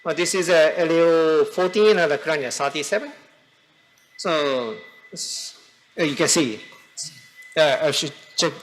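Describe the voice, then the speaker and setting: A man with a Japanese accent explaining a live heart procedure as he works, halting with many fillers and restarts. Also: on the high side, fairly bright tone, slight background noise, poor audio. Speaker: cardiologist performing a live procedure. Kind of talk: live case explanation at a conference.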